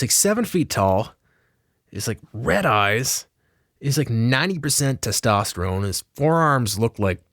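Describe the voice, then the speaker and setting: A man's voice: fairly low pitch, no room sound, clean studio sound. A man telling a rambling, self-mocking comic story with lots of swearing.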